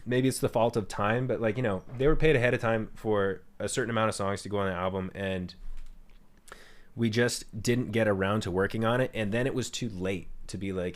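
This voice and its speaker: A man's voice: lowish voice, steady tone, normal speed. A young man streaming and talking casually about his own songs, candid and rambling, swearing freely. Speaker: streamer and musician. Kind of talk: casual livestream chat.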